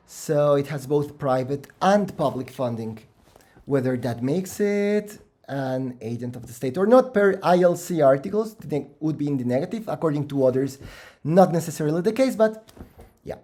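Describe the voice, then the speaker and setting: A game master running a tabletop game, giving rulings in a slow, low-key way. The voice sits at a middle pitch. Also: mellow.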